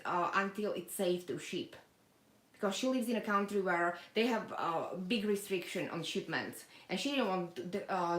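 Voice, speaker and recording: Chatty woman reading live comments, echoey room. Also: medium pitch. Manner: chatty, reads viewer comments aloud, many fillers. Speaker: doll collector hosting a live stream. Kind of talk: casual live-stream unboxing chat.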